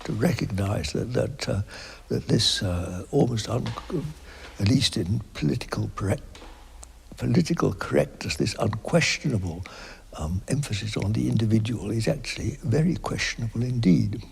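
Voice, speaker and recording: An older man giving an unhurried spiritual interview, speaking softly and often dropping to a near whisper, reflective and halting with many pauses and fillers. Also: lowish voice, expressive, creaky, husky. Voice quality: soft, partly whispered, halting.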